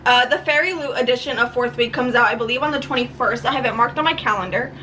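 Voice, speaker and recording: High bright-voiced young woman gushing. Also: fast talker, a little hiss or hum, rough recording. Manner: gushing, rambling, laughs often. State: tearful. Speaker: book vlogger. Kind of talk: casual vlog chat. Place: home room.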